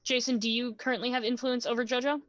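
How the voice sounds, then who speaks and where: A woman running a tabletop role-playing game as game master, brisk and matter-of-fact. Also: a little high, level tone, a bit bright, dull audio.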